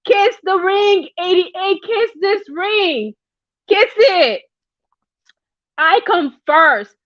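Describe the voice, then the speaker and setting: A woman mocking a demanding female streamer who insists on loyalty, in a shrill, wailing voice. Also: lively intonation, very slow, highs cut off, exaggerated voice. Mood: indignant.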